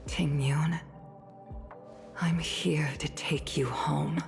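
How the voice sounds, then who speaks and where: An actress voicing a dignified older woman commander in a game, speaking softly, near a whisper, with a low, gravelly voice. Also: steady tone, drawn-out words, music in the background, exaggerated voice. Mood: emotional. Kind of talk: game voice acting.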